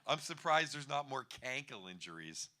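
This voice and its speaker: A man's voice: mid-range voice, big pitch swings, moderate pace, sharp tone. A man in his fifties doing a stand-up comedy set on a bar stage, wry and rambling, chuckling at his own jokes.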